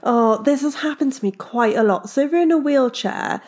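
Young woman, slightly high voice, chatty storyteller, fillers. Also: moderate pace, a little mellow. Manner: chatty, lots of fillers, acts out quoted voices. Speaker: guest. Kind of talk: animated storytelling.

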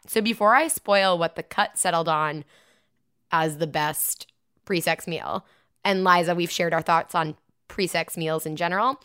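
A woman's voice: on the low side, unhurried, fairly bright tone, clean tone. Chatty wry woman podcast co-host. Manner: wry, chatty, laughs easily. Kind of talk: casual podcast chat. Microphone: desk microphone close to face.

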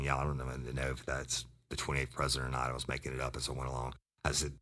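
A man, a podcast host and former deputy, telling a profane, animated story. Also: extremely low pitch, fast, few pauses.

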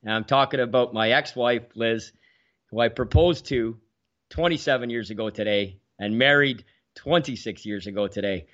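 A man around sixty hosts a casual sports talk show, spinning hockey stories with animated energy and frequent repeated words. His voice sits at a middle pitch. The recording is slightly dull and lo-fi. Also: moderate pace. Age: about 60.

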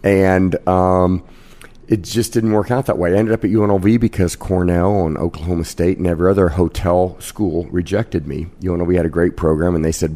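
A man in his fifties from Kansas, a casino host telling lively stories as a guest in a podcast interview. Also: low-pitched, a little fast. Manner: brash, animated anecdote-teller.

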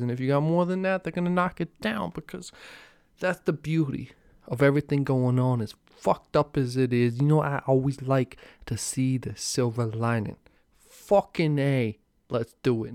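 A young man from New Jersey hosting a cannabis news show, talking loosely and excitably with a lot of profanity. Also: mid-range voice, clean tone, no echo, studio quality. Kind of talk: casual news commentary.

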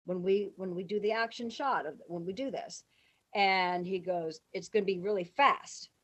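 A woman casually telling a story, acting out the people she quotes, shouting their lines, laughing and swearing freely. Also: fairly low pitch, normal speed. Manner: animated, acts out quotes with big shouts. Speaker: guest telling stories.

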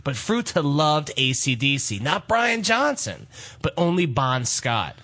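Lively, bright-voiced man telling a story. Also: on the high side, measured pace. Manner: rambling, animated, laughs through his anecdotes. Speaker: podcast co-host. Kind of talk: casual storytelling.

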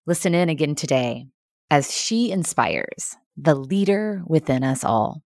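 A woman's voice: low voice, sing-song, measured pace, darkish tone, no echo, clean studio sound. A woman podcast host giving an appreciative introduction to a leadership segment.

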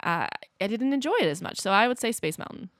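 A woman co-hosting a podcast in casual chat, animated and self-deprecating. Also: mid-range voice, quick pace, no echo, clean studio sound. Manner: animated and self-deprecating, laughs between phrases. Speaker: podcast co-host.

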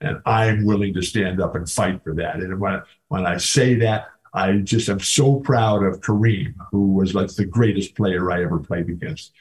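A man's voice: low voice, steady tone, normal speed, hardly any pauses, darkish tone. An older man telling stories as a podcast guest, enthusiastic and rambling, often repeating his words. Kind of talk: casual storytelling interview.

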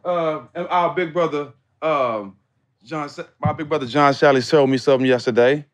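A man's voice: fairly high pitch, normal speed. A man co-hosting a casual podcast chat, easygoing and slangy. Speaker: podcast co-host.

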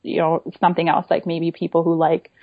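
A woman's voice: fairly low pitch, completely flat delivery, fairly quick. A woman talks in an easy, explanatory way as an interview guest, often tagging her points with "right?" and "you know". The sound is dull and lo-fi. The room is dead and dry, with no echo at all. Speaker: guest, small online shop owner. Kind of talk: casual interview chat. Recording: dull, lo-fi dry remote audio.

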